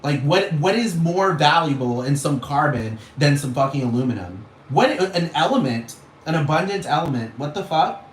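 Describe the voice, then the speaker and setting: A man's voice: on the high side, animated, moderate pace. A man in a rambling, profane rant, scoffing and exasperated, with constant swearing. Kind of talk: profane ranting monologue. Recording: echoey room with faint noise.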